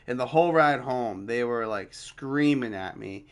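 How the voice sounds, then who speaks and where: A man's voice: mid-range voice, lively intonation, unhurried. A young man casually telling a story from his teens, rambling with fillers and acting out quoted dialogue.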